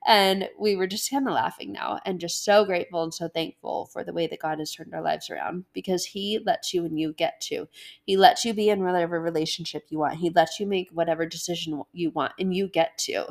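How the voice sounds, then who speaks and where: A woman talks casually about faith in a relaxed devotional style. She is animated and acts out inner voices as she goes. She laughs often. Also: fairly low pitch, brisk, creaky.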